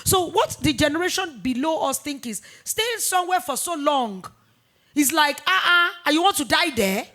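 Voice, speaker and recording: A woman in her forties, a business founder talking in a fireside chat interview, emphatic and animated, repeating points for weight. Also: high-pitched, moderate pace. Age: 40s. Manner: emphatic, animated storytelling with repetitions.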